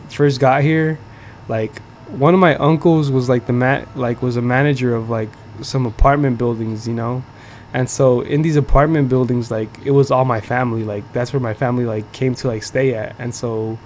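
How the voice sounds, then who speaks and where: A young man from the United States tells a long story on his podcast in a loose, slangy, swearing ramble packed with fillers. His voice sits at an ordinary middle pitch, with a faint hum of room noise behind him. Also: a little mellow. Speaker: podcast host. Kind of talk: casual storytelling. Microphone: streaming setup.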